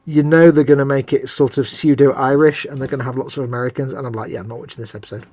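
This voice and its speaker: A man's voice: medium pitch, steady tone, quick pace, darkish tone, slight background noise. A man co-hosting a casual live stream while painting miniatures, chatting and ranting with playful mock voices. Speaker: co-host.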